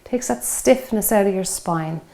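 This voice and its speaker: A woman's voice: mid-range voice, a little slow, dark tone. A woman, leading a home workout and coaching encouragingly while exercising, a bit out of breath. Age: 50s. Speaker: fitness instructor. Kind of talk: guided workout instruction.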